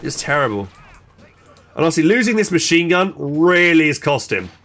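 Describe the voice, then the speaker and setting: High-voiced, excitable male game caster. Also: normal speed. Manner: exclaiming, swearing, many restarts and fillers. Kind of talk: excited play-by-play game commentary.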